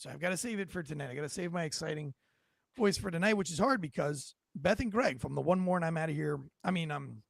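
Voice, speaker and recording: A man hosting a casual political commentary show, animated and joking, his voice raspy from yelling. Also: a little high, fast, dry recording. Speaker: podcast host.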